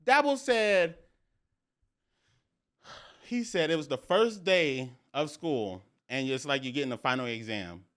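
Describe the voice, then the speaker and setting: A young man hosting a sports podcast, talking in an excited, slangy way and repeating phrases for emphasis. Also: fairly high pitch, a little slow, long pauses, smooth. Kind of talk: excited casual sports talk.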